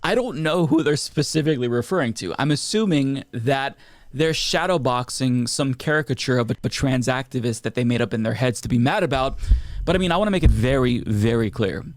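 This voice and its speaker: A man's voice: medium pitch, expressive, a little fast. A man delivering firm, argumentative political commentary.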